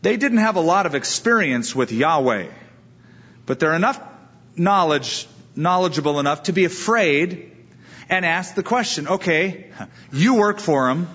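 A man preaching a sermon as a pastor, explaining scripture and acting out quoted voices in lively asides. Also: fairly high pitch, moderate pace, slightly rough, lo-fi sound.

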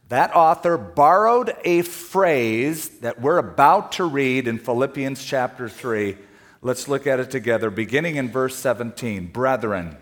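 Telling a travel story with plenty of laughter, a middle-aged Californian preacher eventually turns his sermon toward scripture. His voice is medium-pitched and a little slow, and he brings anecdotes to life as he laughs through them.

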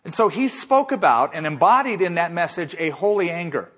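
A man's voice: a little high, lively intonation, a little fast, fairly bright tone, slightly rough. A man preaching a sermon as a pastor, emphatic, with rhetorical questions and repeated phrases.

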